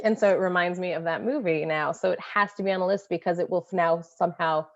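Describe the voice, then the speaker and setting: A woman co-host chatting about movies, her slightly low voice full of gravelly fry. She tells her stories with animated laughter. The recording sounds dull and lo-fi. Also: quick pace, few pauses. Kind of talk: casual movie discussion.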